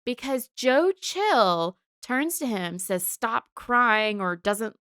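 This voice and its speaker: A woman talks through a comic's themes with a thoughtful, analytical manner. Her voice is smooth and clear, and it is recorded close and dry with no room sound. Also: a little high, big pitch swings, slow, dry recording. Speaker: podcast co-host. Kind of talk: casual discussion of comics and psychology.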